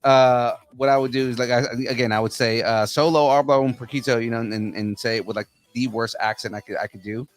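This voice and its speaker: A man's voice: medium pitch, level tone, fairly quick, hardly any pauses. A man hosting a podcast, telling a story in an easygoing way with many hesitations. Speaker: podcast host. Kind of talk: casual chat.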